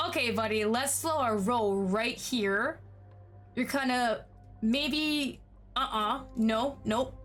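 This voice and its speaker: A woman streamer giving casual commentary on a visual novel she is playing, reacting with animated, exaggerated disbelief. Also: fairly high pitch, measured pace, faint music behind.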